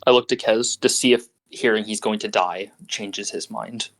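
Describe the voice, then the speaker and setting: Gravelly-voiced man role-playing a character. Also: fairly low pitch, steady tone, moderate pace, fairly bright tone. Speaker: player.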